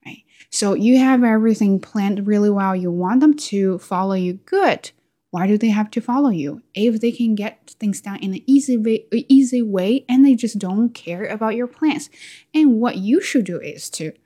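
A woman talking through her thoughts in a candid, self-questioning casual monologue. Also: mid-range voice. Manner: candid, self-questioning, with lively quoted asides. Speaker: vlogger.

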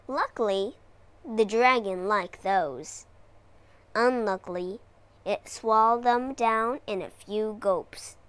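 A woman narrating a children's storybook for English learners in a dramatic, expressive way. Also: on the high side.

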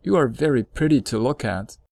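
A man voicing a polite, curious young boy prince in a storybook reading, gently questioning. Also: medium pitch, a little fast, creaky, no room sound, lightly acted.

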